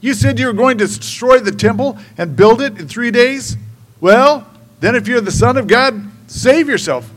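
A preacher voicing a jeering crowd of scornful men, in a loud, taunting, raised voice. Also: male voice, very high voice, animated, normal speed, a little hiss or hum, pitched above the performer's own voice. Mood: mocking.

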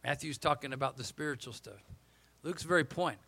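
A man in his sixties, a pastor, preaching a storytelling sermon in an animated, humorous way, acting out the people in his stories. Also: medium pitch, fairly quick, gravelly, low-quality recording.

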